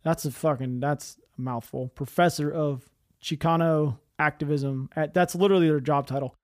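A man's voice: a little high, fairly even intonation, a little mellow, dry recording, studio quality. A man hosting a podcast, ranting heatedly about politics with a lot of swearing. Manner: heated, profane, fast-talking. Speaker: podcast host.

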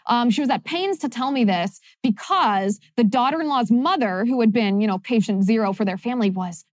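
A woman's voice: fairly high pitch, a little fast, dry recording, clean studio sound. A young woman hosting a podcast, delivering an opinionated monologue in a sarcastic, emphatic way. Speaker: podcast host.

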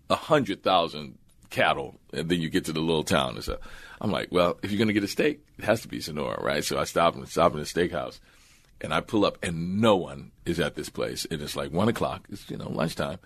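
A man's voice: sits low, moderate pace, breathy edge, no room sound. A man from New Orleans, a guest actor in a casual interview, telling stories animatedly and acting out voices. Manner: animated storyteller who acts out voices.

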